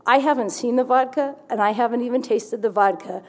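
A woman's voice: on the high side, fairly quick, darkish tone. Candid woman telling her story. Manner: candid, vivid storyteller with wry humor. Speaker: recovery meeting speaker. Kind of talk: personal testimony to an audience.

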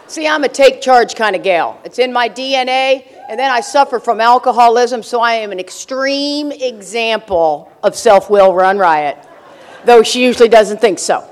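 A woman's voice: fairly high pitch, normal speed. An older woman speaking at a recovery meeting, telling stories with brash, joking humor and frequent laughter. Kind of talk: humorous storytelling talk to an audience.

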